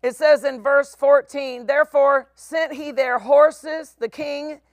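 Middle-aged woman preaching, slow and emphatic, acts out the people in her stories. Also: high-pitched, fairly even intonation, dry recording. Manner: preaching with emphatic, drawn-out phrases and quoted voices. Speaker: pastor. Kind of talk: sermon.

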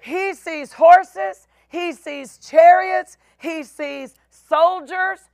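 A middle-aged woman pastor preaching a sermon, with emphatic, drawn-out phrases and voices for the people in her stories. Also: very high-pitched, vocal fry, darkish tone, no echo, studio quality.

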